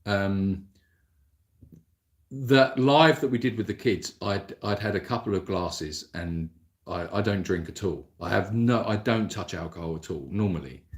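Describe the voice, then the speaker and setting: Male host, chatty and self-mocking, low-ish voice, talking off the cuff into a mobile phone. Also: measured pace. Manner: rambling, self-deprecating, chatty. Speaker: animal sanctuary host answering viewer comments. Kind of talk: casual livestream Q&A chat.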